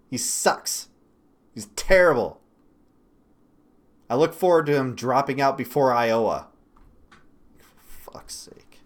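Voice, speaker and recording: A man from Michigan hosting a political commentary livestream. He talks bluntly and swears often, with sudden loud bursts between quieter asides. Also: medium pitch. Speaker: livestream host.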